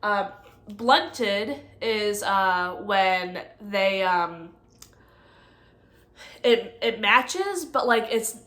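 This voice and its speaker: A young woman going over nursing study notes in a halting, casual way, full of ums and likes. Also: medium pitch, animated, a bit bright. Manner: halting, many ums and likes, self-correcting. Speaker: nursing student presenter. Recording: echoey room.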